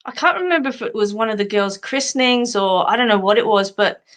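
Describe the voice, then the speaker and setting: A middle-aged Australian woman chats on her live stream in a brisk, expressive, medium-pitched voice. Rambling from one funny story to the next, she laughs often.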